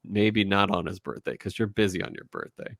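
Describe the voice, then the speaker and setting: A man co-hosting a casual podcast, animated as he tells stories and acts out what people said. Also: low-pitched, a little fast, gravelly, no room sound, clean studio sound. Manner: animated storyteller, quotes people in voices. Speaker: podcast co-host. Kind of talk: casual chat.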